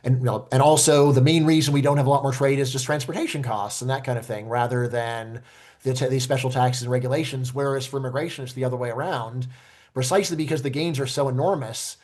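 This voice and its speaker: A man's voice: medium pitch, fairly even intonation, fast talker, a little mellow. A man hosting a conversational discussion as an economics professor, making emphatic points with frequent "like" and "you know".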